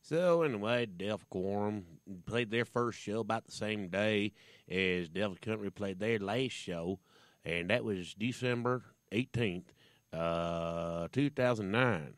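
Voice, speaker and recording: A man rambles folksily as a stand-in radio host. His voice sits low and unhurried. The sound is dry and close to the mic. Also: no room sound. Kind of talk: comedic radio bit.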